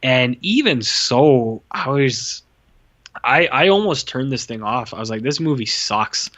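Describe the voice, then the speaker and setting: A man co-hosting a podcast, bluntly and profanely ranting about a film he disliked, his voice going a little hoarse. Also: mid-range voice, very animated, a little slow, fairly bright tone, lo-fi sound. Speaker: podcast co-host. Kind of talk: casual film review chat.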